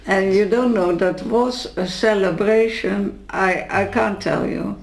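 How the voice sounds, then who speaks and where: A woman's voice: mid-range voice, a little slow, creaky. A woman interviewee who adds short remarks to the conversation. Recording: echoey room.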